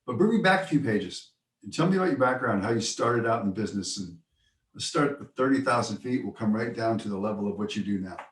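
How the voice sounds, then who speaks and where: A male interview host with a somewhat low voice, asking thoughtful questions and often restarting his phrases. He sounds set back from the mic, in a roomy space with noticeable echo. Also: lively intonation, quick pace, far from the mic.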